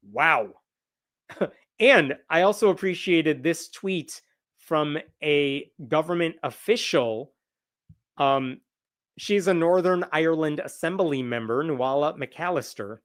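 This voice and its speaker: A man's voice: a little high, takes it slowly, fairly bright tone. An American man hosting a casual livestream news roundup, chatty and sarcastic. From United States. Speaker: host.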